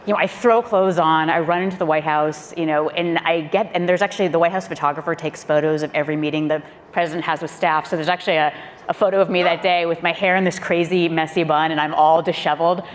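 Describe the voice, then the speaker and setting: A woman, a former speechwriter, telling a lively anecdote on a panel, acting out quotes and laughing often. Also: deep voice, fast. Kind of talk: lively anecdote told to a live audience. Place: auditorium panel event. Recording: long hall reverb, faint room noise.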